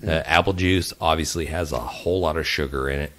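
A man's voice: very deep voice, brisk, a bit bright. A man co-hosting a barbecue podcast, chatting casually, rambling and correcting himself as he goes. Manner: rambling, self-correcting, swears while laughing. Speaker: podcast co-host. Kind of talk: casual chat.

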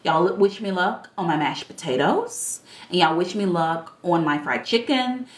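A woman's voice: on the low side, lively intonation, a little slow. A woman speaking in a casual style, chatting bluntly and animatedly as a dating life coach on a livestream. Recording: echoey room.

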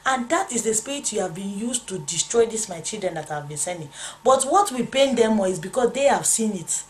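A woman's voice: medium pitch, expressive, brisk, darkish tone. Woman preaching about a vision, fervent, voicing God n the devil, bit of noise behind. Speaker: preacher recounting a revelation. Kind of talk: testimony sermon.

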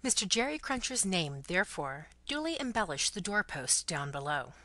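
A woman reads a classic novel aloud as expressive scripted narration. Her pitch moves in lively swings and her tone is bright and forceful. The recording is dry and close. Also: normal speed, no echo. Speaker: audiobook narrator.

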